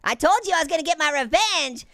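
This gaming let's-play host does a heavily acted turn as a giggly, goofy, hyper orange, a gleeful cartoon prankster who never stops joking while excitedly commentating a video game. The delivery is high-pitched and quick, with lively intonation and a bright, creaky, forceful tone.

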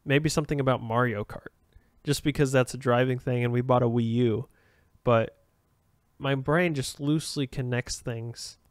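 A man's voice: medium pitch, steady tone, normal speed, no echo, clean studio sound. A man hosting a solo podcast, rambling and self-aware, with frequent restarts and fillers. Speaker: podcast host.

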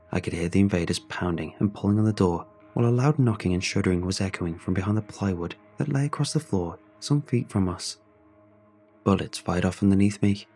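A man's voice: low voice, mellow, breathy edge. A man narrating a first-person horror story in a dramatic, scripted reading. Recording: faint music behind the voice.

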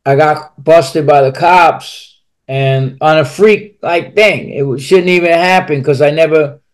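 A man's voice: fairly high pitch, measured pace. A man speaking as a podcast guest, telling a personal story candidly and bluntly, swearing freely and restarting his sentences as he rambles on.

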